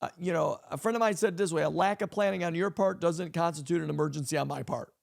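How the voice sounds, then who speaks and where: Man, pastor and podcast host, high gravelly voice, emphatic and repetitive in a casual leadership talk. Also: fast talker. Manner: emphatic, repeats key lines for effect.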